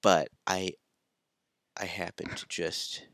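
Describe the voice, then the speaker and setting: A man's voice: low voice, level tone, slow pace, fairly bright tone, no echo. A man co-hosting a let's play, joking and fumbling with settings in casual chat.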